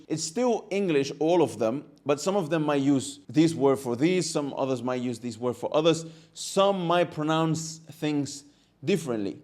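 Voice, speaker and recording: A man's voice: fairly high pitch, darkish tone. A man teaching a language lesson in a casual, explanatory way, often restating his phrases as he works through a point.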